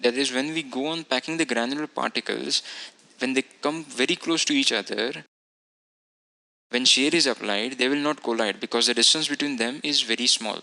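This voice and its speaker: A man with a very bright, forceful tone walks through a technical lecture step by step. His delivery is methodical and explanatory, and he stops now and then to fix a word. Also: medium pitch, normal speed, creaky, rough recording. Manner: methodical, explanatory, self-correcting. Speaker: instructor.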